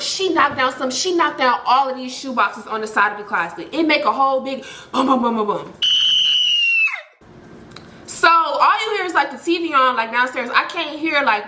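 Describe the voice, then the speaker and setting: High-voiced woman storyteller, dramatic and chatty, with a bright tone. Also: a little hiss or hum. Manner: animated, dramatic retelling with lots of "like". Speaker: storytelling vlogger. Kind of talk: casual storytime. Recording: echoey room.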